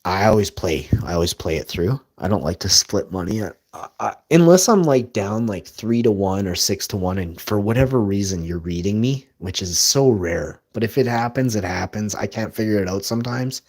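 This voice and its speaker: A man telling rambling, boastful stories as a live streamer, with bursts of loud laughter. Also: lowish voice, lively intonation, moderate pace, hardly any pauses. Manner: boastful, rambling, laughs loudly mid-story. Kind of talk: rambling storytelling.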